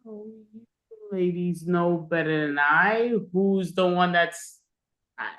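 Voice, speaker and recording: A man's voice: high voice, slow, a bit bright, echoey room. A man hosting an online comedy show, loose and a bit scattered as he thanks acts. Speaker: show host.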